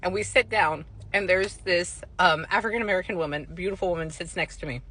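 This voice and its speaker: A woman's voice: on the low side, brisk, breathy edge, poor audio. A woman working as a psychic medium, telling a casual story and acting out the voices of the people in it. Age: adult with a young son. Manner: animated, acts out quoted voices.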